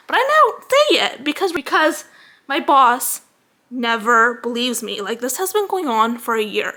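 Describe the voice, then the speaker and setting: A young woman vlogging, ranting casually about her workday, swearing and acting out the people she quotes. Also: fairly high pitch. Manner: animated, swearing, acts out quoted dialogue.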